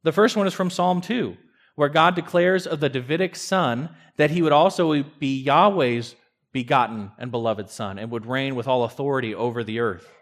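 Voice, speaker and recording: Pastor, male, mid-pitched, earnest sermon delivery with emphatic rises and quiet drops. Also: moderate pace. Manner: earnest preaching, emphatic rises and drops, occasional stammered restarts.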